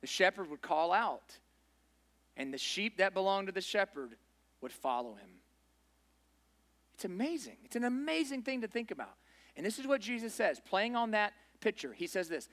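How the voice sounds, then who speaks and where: A man's voice: high-pitched, big pitch swings, normal speed, a bit bright. A man preaching a sermon to his congregation in a conversational, informal way. He often asks the listeners questions and checks in with "right?". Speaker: pastor.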